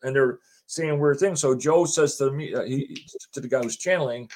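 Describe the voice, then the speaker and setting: A man's voice: fairly high pitch, fast talker. A man telling a story in casual talk, acting out what others said. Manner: animated, acts out quotes of others. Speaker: homeowner telling his story.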